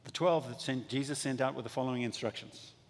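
A man preaching a sermon as pastor, animated and acting out little dialogues, often stumbling and restarting his words. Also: mid-range voice, quick pace. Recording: long hall reverb.

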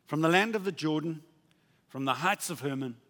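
Impassioned preacher in an echoing hall. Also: male voice, on the high side, animated, moderate pace. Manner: impassioned, rising to exclamations then dropping to soft asides. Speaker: pastor. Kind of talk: sermon. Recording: long reverb of a large hall.

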